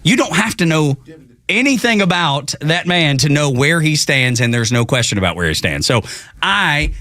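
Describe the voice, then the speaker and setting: A man with a Southern US accent hosting a morning radio show, chatting in an animated way with frequent chuckles. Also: fairly high pitch, dry recording, clean studio sound. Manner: animated, chuckles often, drawn-out storytelling. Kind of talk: casual morning radio chat. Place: radio studio. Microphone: studio microphone.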